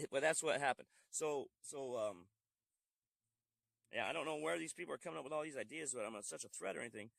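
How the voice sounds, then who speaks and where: A man's voice: medium pitch, gravelly, no room sound. A man who is a veteran, retelling his grievances in a recorded phone call with many restarts and quoted back-and-forth. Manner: frustrated storytelling, many restarts and quoted dialogue. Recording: faint quiet voice over phone.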